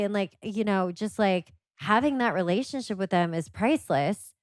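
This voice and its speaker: A woman guest on a podcast who talks in a casual, animated way, telling stories full of "like" fillers. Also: mid-range voice, normal speed, hardly any pauses, dry recording, studio quality. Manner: animated storyteller, many "like" fillers. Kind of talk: casual conversation.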